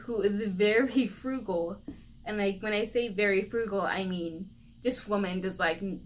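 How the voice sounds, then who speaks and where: A young woman vlogger animatedly retelling a personal story, lively and laughing often. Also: mid-range voice, a little hiss or hum.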